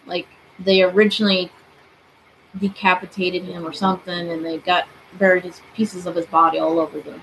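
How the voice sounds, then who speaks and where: A woman's voice: lowish voice, flat delivery, normal speed, fairly bright tone, a little hiss or hum, poor audio. Chatty young woman talking to spirits. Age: 20s. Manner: chatty, asks spirits questions aloud. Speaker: paranormal streamer. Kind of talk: casual live-stream chat. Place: bedroom.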